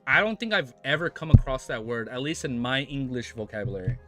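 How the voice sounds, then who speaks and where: A man's voice: mid-range voice, animated, a little fast, bright, forceful tone, faint music behind. An American man chatting casually with his live-stream viewers, joking around and laughing often. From United States. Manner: joking, laughs often, mock-French phrases.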